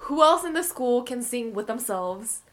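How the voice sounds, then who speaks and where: A woman's voice: a little high, lively intonation, normal speed, a crowd in the background. Dry, sarcastic woman co-host. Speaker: podcast co-host. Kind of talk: casual chat.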